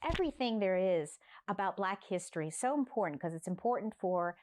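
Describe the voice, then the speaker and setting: A woman from Newfoundland hosting a library story time, talking warmly and playfully straight to young children. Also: mid-range voice, a little fast. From Newfoundland, Canada. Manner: animated, coaxing, talks straight to young children.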